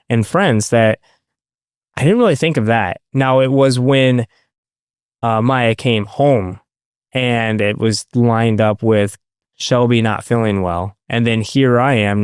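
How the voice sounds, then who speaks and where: Guy in his 30s telling his adoption story, kinda halting, lots of ums, smooth clear voice. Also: fairly low pitch, no echo, studio quality. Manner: halting, many fillers and restarts. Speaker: guest, adoptive father. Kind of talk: casual interview over video call.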